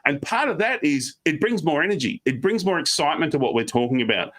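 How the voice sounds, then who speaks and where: An Australian man giving online presentation tips on a video call, fast and animated, slipping into quick mock voices. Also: a little high. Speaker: guest speaker.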